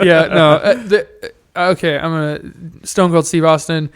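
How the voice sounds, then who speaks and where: A young man co-hosting a podcast in casual chat, excitable, swearing freely and often laughing loudly. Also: fairly high pitch, normal speed, clear, resonant tone. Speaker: podcast co-host.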